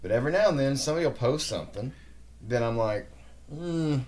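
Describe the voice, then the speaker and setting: A man's voice: medium pitch, expressive, quick pace, a little mellow. A man in his forties, a podcast guest, talking bluntly with frequent swearing and jokes. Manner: blunt, profane, joking. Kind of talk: casual chat.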